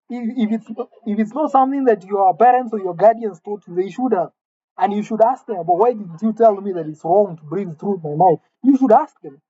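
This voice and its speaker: A woman delivering a mock-serious comic rant, indignant and halting, often repeating her words. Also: mid-range voice, mellow, husky, no room sound, muffled recording. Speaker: comedic vlogger.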